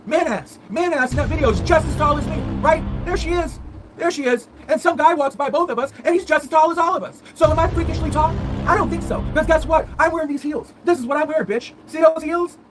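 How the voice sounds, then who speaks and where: Fast-talking woman ranting with insults. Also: high-pitched, over music. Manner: insulting, repetitive, theatrical. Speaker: guest commentator. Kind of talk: heated rant.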